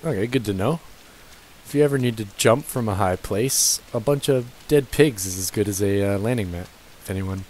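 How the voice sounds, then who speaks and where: A man's voice: lowish voice, moderate pace, a little mellow, slight background noise, rough recording. A young man casually commentating his gameplay, cursing and joking at the characters on screen. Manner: profane, joking, talks to the game characters. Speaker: let's play gamer. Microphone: gaming headset.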